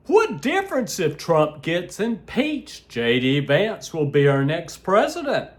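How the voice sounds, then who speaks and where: Heated man ranting slowly with wild pitch swings. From United States. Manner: heated, swinging between shouts and low asides; crude and blunt, laughs at his own jabs. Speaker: political vlogger. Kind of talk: ranting opinion vlog.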